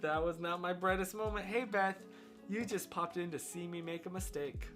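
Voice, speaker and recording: American man, casual live-stream chatter, rambling, slightly higher voice, faint lo-fi music behind. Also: normal speed, a bit bright. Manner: rambling, self-deprecating, thinking aloud.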